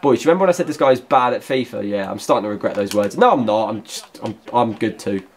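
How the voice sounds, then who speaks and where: A young man commentating on his own gameplay, bantering at opponents, now and then shouting and laughing. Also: on the low side, expressive, fast talker. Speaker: gaming YouTuber.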